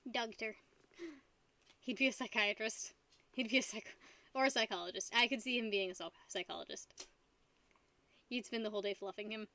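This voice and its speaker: A woman's voice: a little high, moderate pace, long pauses, bright, forceful tone. A young woman streaming casually, tipsy from wine, rambling and giggling while talking to her dog. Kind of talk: casual live-stream chat.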